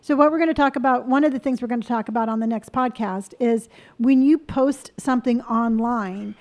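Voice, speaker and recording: A woman's voice: on the high side, a little mellow. A woman co-hosting a podcast, chatting casually and teasing her friends. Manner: playful, teasing, quick bursts. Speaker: podcast co-host.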